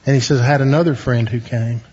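A man's voice: mid-range voice, fairly even intonation, darkish tone. Man preaching in a reverberant hall. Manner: preaching with rhetorical questions and emphatic pauses. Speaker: pastor. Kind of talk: sermon. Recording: dull sound with long hall reverb.

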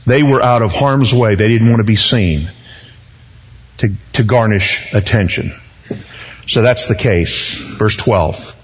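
A man's voice: lowish voice, slow, highs cut off. A man in his sixties preaching a conversational verse-by-verse sermon, with joking asides and repeated words. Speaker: pastor. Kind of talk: expository sermon.

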